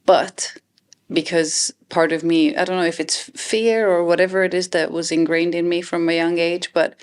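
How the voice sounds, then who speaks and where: Low-voiced woman talking things through. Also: fairly even intonation. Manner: reflective, halting, many restarts and "like". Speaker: podcast co-host. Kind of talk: casual chat.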